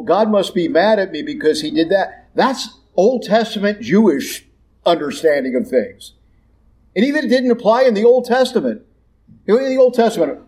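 Guy preaching a sermon, slightly high pitched, punchy and blunt, lively. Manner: blunt, emphatic, lively delivery.

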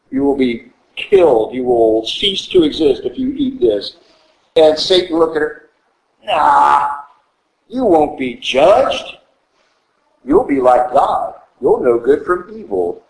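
A man preaching a sermon with emphatic stress, rhetorical questions and quick mocking asides. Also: fairly high pitch, vocal fry, roomy sound, rough recording. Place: church.

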